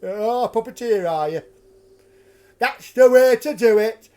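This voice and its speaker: A man's voice: very high-pitched, slow pace, pitched above the performer's own voice. A man voicing a drunk, rowdy pub ruffian who jeers and taunts in a sing-song way. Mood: mocking. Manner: loud jeering sing-song taunt, attempted Yorkshire.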